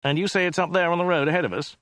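Nervous, earnest British detective, a touch higher than the narration, voiced by a male reader. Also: steady tone, very fast, fairly bright tone, no echo, clean studio sound. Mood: puzzled. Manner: polite, hesitant, earnest. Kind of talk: audiobook character voice.

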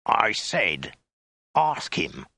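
A man's voice: on the low side, unhurried, creaky, a bit bright, husky, dry recording, exaggerated voice. Guy doing a nasty mongol soldier barking orders, dry close voice. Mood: harsh. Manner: barking, hissing. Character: brutal male Mongol soldier.

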